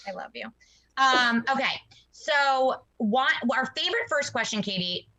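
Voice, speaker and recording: A woman's voice: high-pitched, lively intonation, measured pace, pushed and bright, poor audio. A woman co-hosting an interview podcast, effusive and rambling, full of asides, speaking over a video call. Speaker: podcast co-host. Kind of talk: casual interview chat.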